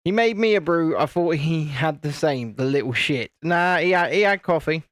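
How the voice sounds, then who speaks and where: A man's voice: on the high side, lively intonation, moderate pace, fairly bright tone, no room sound, studio quality. A man, hosting a casual live stream, chatting and teasing while he builds a model. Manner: chatty, teasing, self-deprecating.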